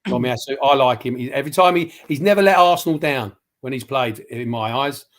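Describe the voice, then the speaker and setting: A man's voice: medium pitch, brisk, fairly bright tone. A man giving his football opinions on a casual livestream, rambling and passionate, with many restarts. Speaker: football pundit.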